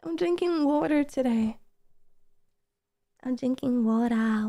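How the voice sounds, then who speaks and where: A woman's voice: on the high side, slow pace, pauses often, warm tone. A woman streamer in casual reaction-stream chat, gushing and emotional, repeating her thanks over and over.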